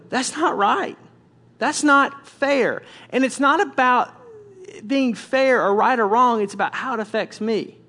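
Man, pastor, high-pitched voice, conversational sermon, candid, stumbling restarts. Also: a bit bright.

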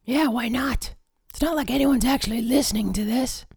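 A woman's voice: fairly high pitch, normal speed, gravelly, a little mellow, breathy edge, dry recording. A woman co-hosting a radio show, teasing her partner in dry, curt comic banter. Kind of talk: deadpan comedic radio banter.

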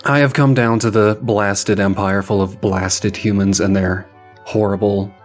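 A man's voice: lowish voice, fairly even intonation, a little slow, faint music behind, lightly acted. A man voicing a blunt, grumpy male orc chef who grumbles about humans.

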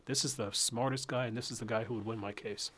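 A man hosting a political interview, asking questions in a brisk, animated, conversational way. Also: mid-range voice, a little hiss or hum. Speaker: host.

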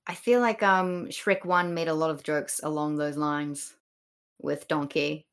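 A woman's voice: low voice, steady tone, a little slow, clear, resonant tone. A woman co-hosting a casual comedy podcast, giggly and rambling, with lots of fillers. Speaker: podcast co-host. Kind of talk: casual comedic chat about Shakespeare.

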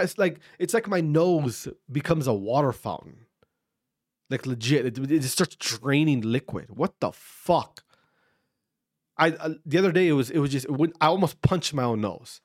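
A man in his thirties from Wisconsin, hosting a podcast and ranting casually with profanity, his voice congested from allergies. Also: a little high. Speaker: podcast host. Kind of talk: casual solo rant.

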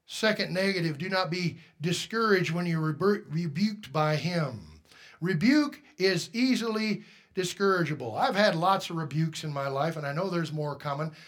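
A man's voice: fairly high pitch, lively intonation, moderate pace, fairly bright tone. A man preaching a sermon as pastor, emphatic and direct, firing rhetorical questions at the congregation.

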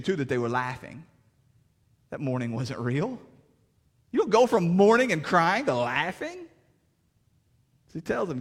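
A man preaching a sermon as pastor, in plainspoken, folksy words, swinging between fervent raised passages and hushed, quiet stretches. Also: fairly high pitch, big pitch swings, brisk, pauses often. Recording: reverberant hall.

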